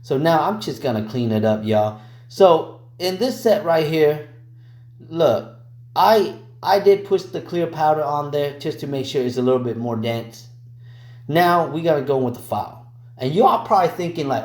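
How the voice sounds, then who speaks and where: A man's voice: on the high side, animated, moderate pace, darkish tone, reverberant. A man talking through a nail tutorial in a casual, slangy way, often calling viewers y'all and cracking teasing jokes. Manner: joking, teasing asides. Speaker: nail technician teaching.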